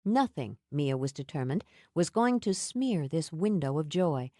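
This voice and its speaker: A woman reading a novel aloud with expressive, storytelling delivery. Her voice sits fairly low yet moves with lively rises and falls, and the recording is dry and close. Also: measured pace, dry recording. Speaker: audiobook narrator. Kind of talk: scripted narration.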